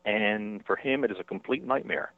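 A man, an author being interviewed by phone, talking in a halting way with many fillers and restarts. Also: fairly low pitch, no echo. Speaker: author and guest. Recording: tinny dry phone line.

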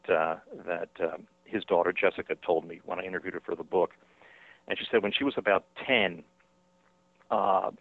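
A man, an author being interviewed by phone, talking in a halting way with many fillers and restarts. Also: low voice, no room sound. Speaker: author and guest. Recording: tinny dry phone line.

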